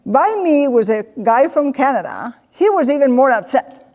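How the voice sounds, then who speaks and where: A woman giving a comedic personal storytelling talk, animated and acting out the voices of the people she quotes. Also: high voice, moderate pace, in a large hall. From Spain. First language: Spanish. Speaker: presenter.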